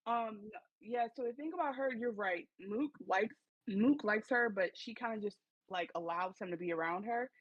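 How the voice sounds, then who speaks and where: A woman's voice: mid-range voice, normal speed, no echo. A woman co-hosting a podcast, chatting casually and emphatically about a TV episode. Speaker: podcast co-host. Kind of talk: casual TV recap chat. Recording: slightly dull dry recording.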